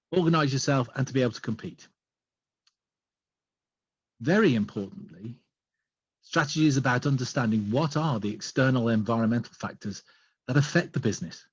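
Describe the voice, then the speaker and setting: Husky man presenting a webinar. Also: medium pitch, darkish tone, no room sound. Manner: measured, explanatory, lists points one by one. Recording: dull lo-fi online call audio.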